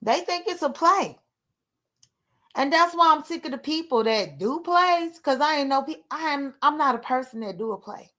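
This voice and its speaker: A woman's voice: high voice, lively intonation, normal speed, fairly bright tone. A woman, talking candidly and emotionally to her livestream viewers in a rambling way. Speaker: livestream host. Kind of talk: casual livestream talk.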